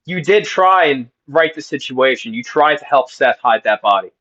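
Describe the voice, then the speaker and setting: A man's voice: mid-range voice, expressive, normal speed, pushed and bright, lo-fi sound. A man co-hosting a comedy video, recounting an absurd story in a dry, matter-of-fact way. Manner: dry, matter-of-fact, feeding straight lines. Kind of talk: deadpan mock apology, improvised comedy.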